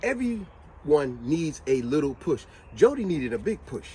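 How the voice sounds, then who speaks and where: A man's voice: fairly high pitch, unhurried, slight background noise, low-quality recording. A man telling a motivational story in a casual, slangy way, full of rhetorical questions to his viewers. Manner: animated, slangy retelling with lots of rhetorical questions. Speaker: motivational vlogger.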